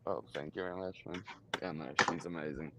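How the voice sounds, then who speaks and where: A man chatting casually on a video call, laid-back and unhurried. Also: extremely low pitch, steady tone, very noisy. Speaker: guest artist. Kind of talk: casual live-stream chat.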